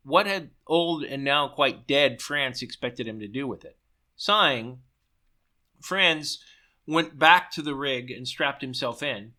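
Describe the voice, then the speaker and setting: A man's voice: mid-range voice, bright, forceful tone. A man reading his own story aloud, stumbling and correcting himself as he goes.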